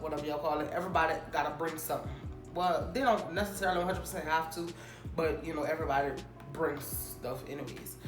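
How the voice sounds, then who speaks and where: A young woman casually telling a storytime, animated and acting out the people she quotes. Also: on the low side, roomy sound. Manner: animated, acts out quoted people in raised voices. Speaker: storytime vlogger.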